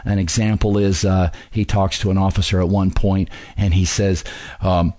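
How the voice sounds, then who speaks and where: Low-voiced guy chatting about movies, lots of uhs, dry close mic. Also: flat delivery, dark tone, no room sound. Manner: halting, many fillers and restarts. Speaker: film reviewer and history commentator. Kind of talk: casual spoken review.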